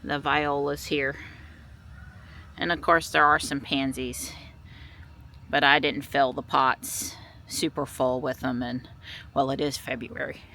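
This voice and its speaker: A woman chatting casually in a vlog outdoors in her yard, recorded on a small handheld camera and breaking into a high sing-song voice when she calls her pets. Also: level tone, slow, pauses often, bright, forceful tone, a little hiss or hum. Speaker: vlogger.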